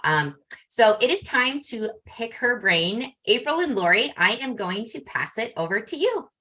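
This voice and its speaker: A woman's voice: fairly high pitch, sing-song, moderate pace, bright, forceful tone, poor audio. A woman hosting an online event, introducing the next interview in an upbeat, chatty way. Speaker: event host. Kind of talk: webinar presenting.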